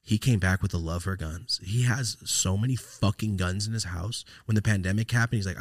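A man's voice: fairly low pitch, brisk, few pauses, slightly rough. A man, casually telling a story as a podcast host, rambling and profane with lots of "like". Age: late 20s.

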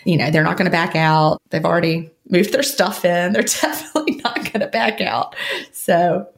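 A woman's voice: lowish voice, normal speed, creaky. A woman co-hosting a podcast in casual chat, rambling and laughing often as she talks. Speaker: podcast co-host.

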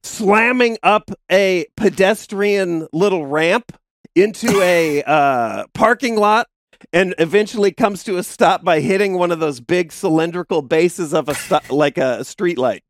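A man's voice: measured pace, no room sound, clean studio sound. A man co-hosting a podcast, casually telling a wild story, laughing as he goes and acting out the people in it. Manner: animated storyteller, acts out quoted people with sudden high yelps; profane, laughs through his own stories. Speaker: podcast co-host.

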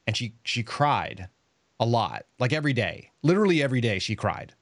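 A man's voice: mid-range voice, sing-song, dry recording, studio quality. A man hosting a podcast, telling stories in a blunt, sarcastic way. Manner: fast, blunt, sarcastic storytelling. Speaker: podcast host. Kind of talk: casual podcast talk.

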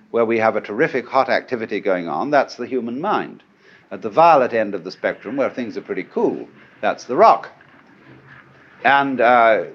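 A middle-aged man lectures on philosophy in a musing, conversational way, his pitch rising and falling freely as he tosses out rhetorical questions. The sound is dull and lo-fi, like an old archival lecture tape.

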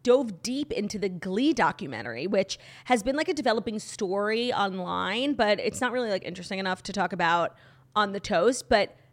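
A woman co-hosting a casual podcast, her voice a little hoarse from a long night. She talks in gushing, chatty runs full of "like" fillers, at an ordinary middle pitch. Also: expressive, brisk. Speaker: podcast co-host. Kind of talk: casual chat.

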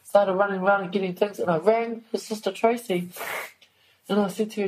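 A woman's voice: medium pitch, fairly even intonation, brisk, darkish tone, poor audio. Kiwi woman retelling what happened, gets emotional, swears, acts out the conversation. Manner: emotional, swears, re-enacts dialogue. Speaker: interviewee recounting events. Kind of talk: recorded personal account.

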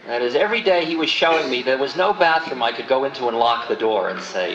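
A man in his forties telling a spiritual story in a lively way, slipping into the voices of the people in it, on a 1970s tape recording. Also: medium pitch, quick pace, hardly any pauses. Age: 40s. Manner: animated storytelling, acting out quoted voices. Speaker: spiritual teacher. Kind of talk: storytelling talk. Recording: roomy dull 1970s tape recording with faint hiss.

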